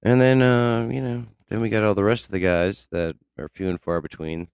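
A man with a very low, gravelly voice rambles through a casual monologue at an unhurried pace. He is laid-back and profane and chuckles often. The recording is dry and close, with no room sound. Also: little pitch movement, a little mellow, no echo.

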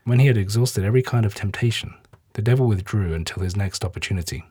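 A man narrating a Bible passage in a steady, measured reading. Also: fairly low pitch, husky, dry recording, clean studio sound. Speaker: scripture reader.

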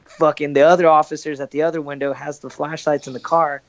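A man's voice: a little high, flat delivery, fast, muffled recording. A man telling a rambling, profane story in casual podcast chat. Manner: profane, rambling, acts out quoted voices.

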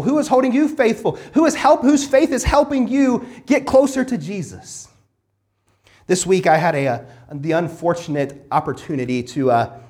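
Earnest male pastor with a lively voice. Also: high voice. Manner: earnest, rhetorical questions, frequent restarts. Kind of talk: sermon.

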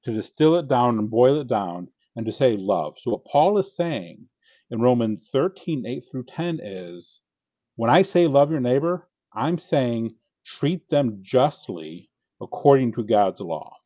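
A man's voice: mid-range voice, sing-song, measured pace, mellow, dry recording, muffled recording. Earnest man explaining scripture. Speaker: podcast guest, author. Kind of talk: casual theological discussion.

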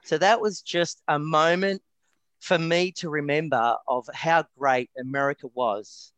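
Animated Australian man telling stories. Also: on the high side, measured pace, no room sound. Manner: animated, lively anecdotes with stammered repeats. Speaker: interview guest, retired wedding photographer. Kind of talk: casual storytelling.

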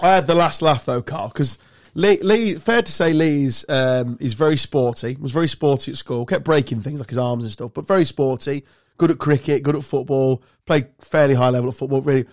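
Male co-host, casual banter, laughs and swears through his anecdotes, middle pitch. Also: a little fast, a little mellow, no room sound, studio quality. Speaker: podcast co-host.

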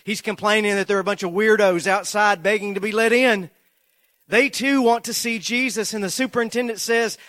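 High-voiced preacher giving a sermon. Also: male voice, steady tone, brisk, a bit bright, no echo, studio quality.

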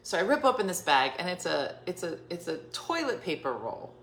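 A woman's voice: lowish voice, a little fast. A middle-aged woman telling a rambling personal story to her viewers, acting out the dialogue in changing voices and sometimes dropping to a whisper. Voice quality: chatty, animated, acts out dialogue in shifting voices and whispers. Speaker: vlogger. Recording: echoey room with faint background noise.

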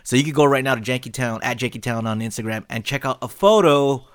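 A man's voice: medium pitch, fast talker, few pauses, smooth. A man co-hosting a podcast, joking around and plugging the show. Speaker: podcast co-host. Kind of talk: casual banter.

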